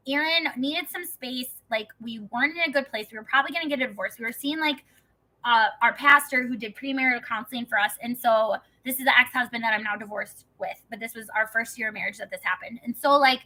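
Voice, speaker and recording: A woman's voice: high voice, sharp tone, rough recording. A woman in her twenties from Wisconsin telling a heated personal story in a casual vlog, swearing often and saying "like" constantly. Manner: profane, heated, heavy use of "like" as filler. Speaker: vlogger.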